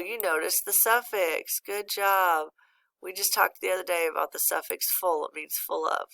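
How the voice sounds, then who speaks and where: A woman's voice: on the low side, vocal fry, sharp tone. A patient woman teaching a phonics lesson to a young child, praising often and guiding each word step by step. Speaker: reading teacher.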